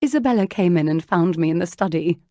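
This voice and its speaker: A woman's voice: lowish voice, lively intonation, fast, mellow, no room sound, studio quality, close to an everyday voice. Woman voicing an earnest bookish young lady. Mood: excited. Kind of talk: audiobook narration.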